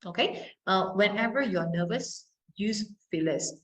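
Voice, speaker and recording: A woman's voice: medium pitch, expressive, moderate pace, few pauses, rough recording. Malaysian woman teaching exam English. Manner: switches into Mandarin to explain, models pronunciation. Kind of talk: exam-prep lesson.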